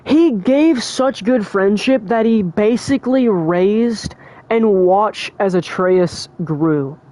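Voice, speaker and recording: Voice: medium pitch, a little mellow. A young adult streamer talking casually and emotionally, full of fillers like "like" and "bro". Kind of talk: casual livestream chat.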